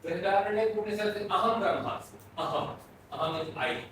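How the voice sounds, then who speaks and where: A man's voice: sits high, fairly bright tone. Man lecturing in an echoey classroom. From Bhutan. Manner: explains slowly, repeating and restarting phrases. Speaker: philosophy lecturer. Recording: echoey room, mic far off, faint noise.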